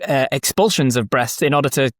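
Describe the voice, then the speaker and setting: A man talking as a guest dungeon master in a casual interview, animated, laughing often and breaking into quick demonstrations of voices. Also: medium pitch, no echo, clean studio sound. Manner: animated, explains with quick vocal demos and frequent laughs.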